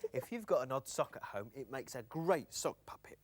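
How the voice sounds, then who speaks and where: Man, children's TV presenter, playful, patient, very lively pitch. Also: normal speed, slight background noise.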